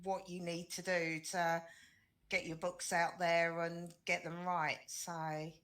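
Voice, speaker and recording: A woman with a slightly low voice answers as a guest author on a video call. She speaks modestly, pausing on fillers as she gathers her thoughts. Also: flat delivery, a bit bright. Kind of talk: casual panel discussion.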